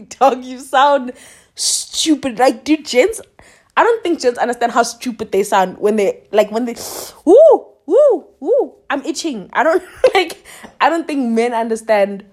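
This young woman's voice sits a little on the high side, and she talks in a lively, sassy style. She is hosting a casual solo podcast, laughing as she goes and mocking people with impressions. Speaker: podcast host. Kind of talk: casual monologue.

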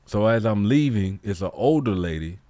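Male co-host, lower voice, blunt profane storyteller, casual. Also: expressive, moderate pace, mellow, no room sound. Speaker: podcast co-host. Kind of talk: casual chat.

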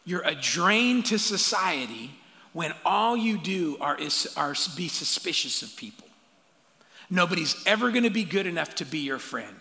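A man preaching a sermon as the pastor, animated, with call-outs and playful asides to the congregation. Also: a little high, moderate pace. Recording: long hall reverb.

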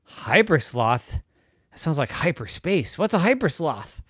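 A man's voice: fairly high pitch, sing-song, a little slow, fairly bright tone, slightly rough, dry recording, studio quality, voice pushed up, exaggerated voice. A man voicing a patient, puzzled pet store clerk who offers pets in a chatty, doubtful way. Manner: doubtful, chatty salesman questions.

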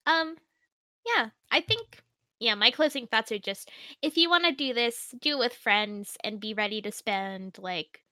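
A woman's voice: fairly high pitch, expressive, a little slow, bright, forceful tone, no room sound. A woman co-hosting a podcast in casual chat, giggly, often trailing off into mumbles. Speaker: podcast co-host.

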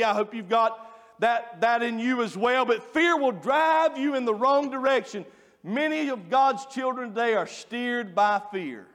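A man preaching a sermon, folksy and joking as he tells animated stories. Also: extremely high pitch. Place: church. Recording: long reverb of a church hall.

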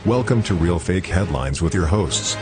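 A booming, very deep male show announcer, as a podcast host puts him on, rolling out a grand mock introduction. The voice sits far down low, with a full, pushed-out announcer delivery and music running underneath. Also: expressive, moderate pace. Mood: announcing.

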